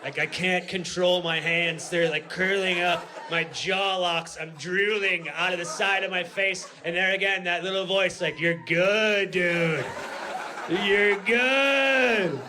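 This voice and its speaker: A man doing stand-up with a fairly high voice, rambling through a story in a casual way. His delivery sinks into low, quiet mutters and then climbs into shouts. The recording is a live club set on a handheld mic, with clear room noise underneath. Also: level tone, normal speed, hardly any pauses. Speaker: stand-up comedian. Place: comedy club stage.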